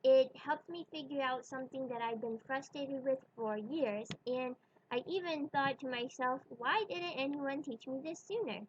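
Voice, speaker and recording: A woman's voice: high-pitched, moderate pace, breathy edge, dull audio. A woman teaching pronunciation in a video lesson, patiently demonstrating sounds one by one. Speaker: Spanish teacher.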